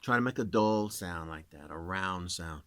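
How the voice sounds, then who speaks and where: A man's voice: sits low, normal speed, a bit bright, dry recording, studio quality. A man in his thirties who works as a voice actor, rambling casually to camera and demonstrating voices as he explains.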